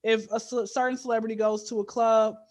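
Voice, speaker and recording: A woman from with a high voice talks as a comedy guest. She tells casual stories in an animated, joking way, jumping into loud bursts of emphasis. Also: fairly quick, highs cut off. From Georgia, USA.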